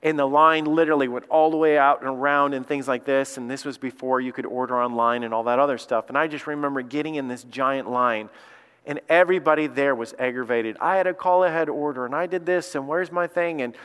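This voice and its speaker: A man's voice: medium pitch, a little fast, clear, resonant tone. A man from Alabama, preaching a sermon as lead pastor and telling stories in a folksy way. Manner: folksy storytelling, voice rising when excited. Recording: long hall reverb.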